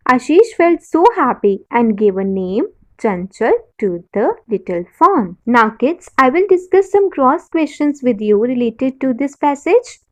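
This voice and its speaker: A woman teacher with an Indian English accent reads a story passage to young pupils, explains words and spells them out letter by letter. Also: fairly high pitch. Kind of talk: classroom lesson, reading a passage and spelling words.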